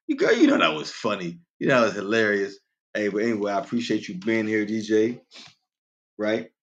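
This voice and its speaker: Playful man telling dad jokes on radio. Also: highs cut off. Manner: playful, laughs at own jokes, addresses listeners directly; quoted voices go far higher in pitch. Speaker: radio show host.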